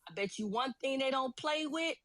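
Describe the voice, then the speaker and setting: A woman guest speaks with passion and a preachy edge, urging her listeners on. Her voice is high, and the sound is dry and close with no room in it. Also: animated, moderate pace, fairly bright tone, no echo. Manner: preachy, impassioned, calls people brother. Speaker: guest commentator. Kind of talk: impassioned commentary.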